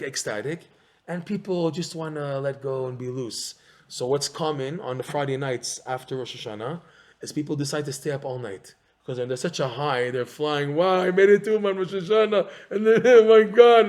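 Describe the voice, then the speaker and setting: Man, animated Torah class, fairly high voice, rhetorical questions, repeated phrases. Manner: excitable, rhetorical questions, repeats phrases, mixes in Hebrew terms. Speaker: Torah teacher.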